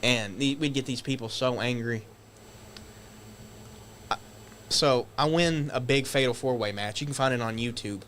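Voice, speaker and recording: A man guest on a podcast, telling stories casually, animated and swearing, acting out shouted quotes. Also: mid-range voice, moderate pace, pauses often, slight background noise. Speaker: guest wrestler. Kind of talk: casual storytelling.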